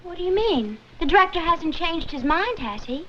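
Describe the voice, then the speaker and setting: An actress playing a lively young American girl in London, with an American accent, in 1960s sitcom style. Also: extremely high pitch, normal speed, exaggerated voice. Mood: eager. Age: young adult. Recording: dull lo-fi TV soundtrack, hiss, audience.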